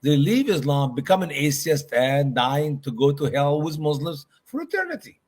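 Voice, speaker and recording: A man's voice: on the high side, sing-song, moderate pace, darkish tone. A man speaking as a guest in a conversational discussion, emphatic and repeating his points for stress.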